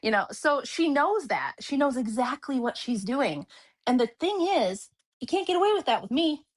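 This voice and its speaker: A woman co-hosts a live stream, blunt and sarcastic. She mimics the people she talks about in mocking tones. Her voice sits a little higher than most women's. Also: very animated, normal speed. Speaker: co-host. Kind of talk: casual live-stream commentary.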